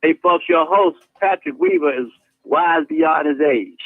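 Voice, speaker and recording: A man's voice: fairly high pitch, a little slow, no room sound. A man speaking as a guest on a talk show, preaching with passion and acting out little scenes in different voices. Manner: preacherly, acts out scenes with many voices, laughs often. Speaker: guest activist. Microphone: phone call. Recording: tinny phone line, dry.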